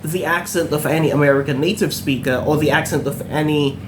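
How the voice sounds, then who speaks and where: A man's voice: fairly high pitch, fairly even intonation, brisk, noisy background. A man in his thirties from the Philippines with a Filipino accent, earnestly encouraging English learners and repeating himself for emphasis. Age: 30s. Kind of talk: earnest direct-to-camera talk.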